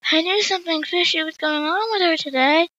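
A woman's voice: high-pitched, lo-fi sound. Woman voicing an eager, curious schoolgirl. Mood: excited. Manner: excited, quick to suspect.

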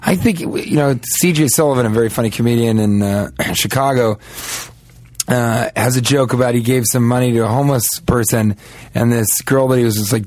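A man co-hosting a comedy podcast, telling rambling stories in casual banter and mocking people with quick impressions. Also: medium pitch, darkish tone, no room sound.

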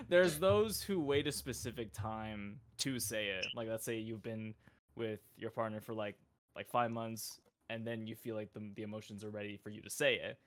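A man's voice: lowish voice, moderate pace, background noise. A young man telling a personal story in a casual chat, laughing and sounding self-conscious. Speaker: podcast guest.

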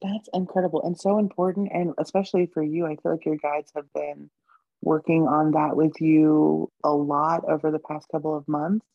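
A woman's voice: low-pitched, flat delivery, moderate pace, no echo, dull audio. A woman co-hosting a podcast in casual chat, affirming and supportive, with many fillers. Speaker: podcast co-host.

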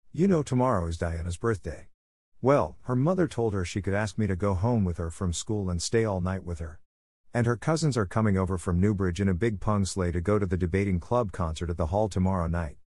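A man's voice: lowish voice, a little mellow, no echo, clean studio sound, lightly acted. A man voicing an eager, chatty, imaginative young girl who gushes and pleads breathlessly.

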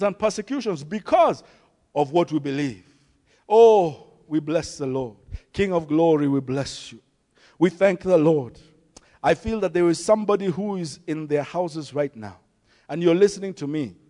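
Kenyan male pastor, high pitch, emphatic sermon delivery, hall echo. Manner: preaching with emphatic rises and soft drops, storytelling. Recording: long hall reverb.

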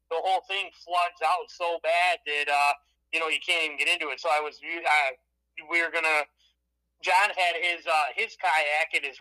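A man's voice: fairly high pitch, sharp tone, rough recording. A man from Michigan, a podcast guest telling long rambling anecdotes in a casual chat.

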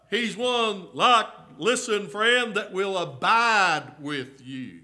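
Male revival preacher, very high voice, unhurried delivery, shouts and hushes. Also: expressive. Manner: swings from shouting to hushed, repeats "listen, friend"; old-fashioned revival preaching cadence. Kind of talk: sermon.

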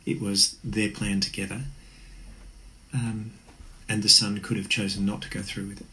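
A man's voice: on the low side, sharp tone, rough recording. A man preaching an earnest, conversational sermon. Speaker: pastor.

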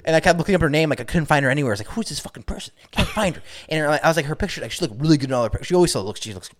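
A young man from the Chicago area trades crude, rambling jokes as a podcast co-host. He talks fast in a fairly high voice. His pitch swings a lot as he tells stories. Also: expressive. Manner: rambling, crude, joking, many restarts. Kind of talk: casual podcast banter.

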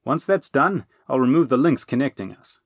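A man voicing a brisk, resourceful male wizard who gives urgent commands. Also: mid-range voice, expressive, dry recording, clean studio sound, pitched above the performer's own voice.

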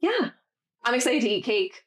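Thirties woman co-host, relaxed chatty talk, quick to laugh. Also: fairly high pitch, breathy edge. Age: 30s. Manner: chatty, laughs easily, quotes herself. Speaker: podcast co-host. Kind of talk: casual chat.

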